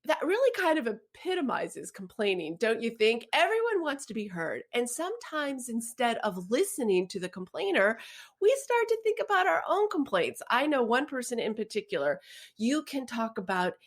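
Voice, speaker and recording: Woman podcast host, casual storyteller with a lively, swinging pitch. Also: moderate pace. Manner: storytelling, expressive, laughs often. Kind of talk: casual chat.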